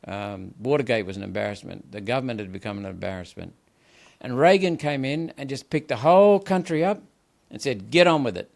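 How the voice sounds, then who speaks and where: This older Australian man speaks in a rough, gravelly voice. He pushes his arguments with heavy emphasis, stumbles into repeated words, and keeps going without a break. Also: medium pitch, lively intonation, fairly quick, darkish tone. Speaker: senator, guest. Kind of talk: impassioned political interview.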